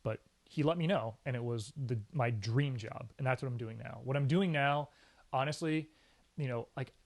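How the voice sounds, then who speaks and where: A man, a sports anchor, telling career stories in a casual interview, energetic and emphatic, often acting out what people said. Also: medium pitch, normal speed. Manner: animated storyteller, often acts out quoted speech. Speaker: sports anchor and reporter, podcast guest.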